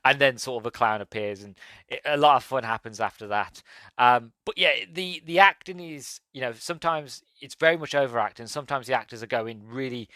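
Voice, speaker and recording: Excited, rambling man in a dry recording. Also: mid-range voice, no echo. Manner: enthusiastic, rambling with fillers. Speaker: podcast host. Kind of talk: casual movie review.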